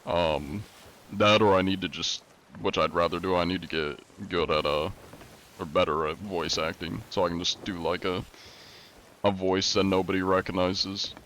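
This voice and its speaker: A young adult man livestreaming, chatting casually with his viewers in a relaxed, rambling way with many fillers. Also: deep voice, moderate pace, a little hiss or hum. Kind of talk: casual chat with stream viewers.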